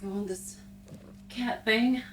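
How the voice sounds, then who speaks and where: A young woman in her twenties giving casual, excitable commentary while playing a VR game, bursting into squeals and laughter when startled. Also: on the high side, takes it slowly, soft background music. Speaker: VR gaming YouTuber.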